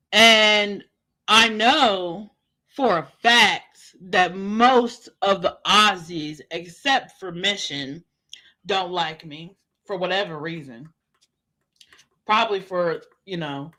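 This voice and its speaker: Slow-talking bright-voiced woman host. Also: mid-range voice. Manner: talks straight to the viewer, rhetorical, drawn-out emphasis. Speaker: livestream host. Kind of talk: livestream commentary.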